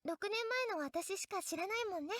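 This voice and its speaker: A woman's voice: very high voice, very fast, no echo, studio quality. A woman voicing a cheerful, eager teenage schoolgirl in a visual novel. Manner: bright, eager, coaxing. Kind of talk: Japanese visual novel voice acting.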